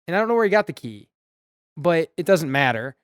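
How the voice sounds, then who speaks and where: A man's voice: on the high side, very animated, fairly quick, no room sound, clean studio sound. A man co-hosting a podcast, sarcastically retelling a horror film's plot with quoted voices. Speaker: podcast co-host. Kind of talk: casual movie recap chat.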